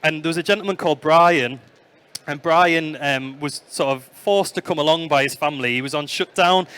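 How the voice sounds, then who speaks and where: A man's voice: a little high, clear, resonant tone. A middle-aged man giving a conference talk, telling anecdotes with plenty of fillers. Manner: storytelling, warm anecdotes with fillers. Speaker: museum product development manager giving a conference talk. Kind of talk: conference presentation.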